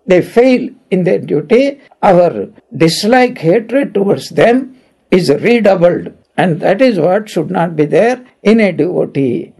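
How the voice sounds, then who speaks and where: A man's voice: sits high, dark tone. Man giving a scripture talk. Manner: chants Sanskrit verses then explains them, asks the audience questions. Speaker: spiritual teacher. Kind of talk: scripture lecture.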